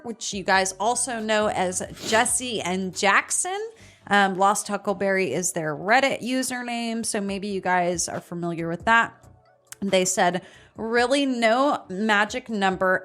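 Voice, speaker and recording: A woman co-hosts a casual podcast, reading out listener answers in a frank, crude and chatty way. Her voice sits at a middle pitch, and laughter keeps breaking into her talk. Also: fairly bright tone. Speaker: podcast co-host.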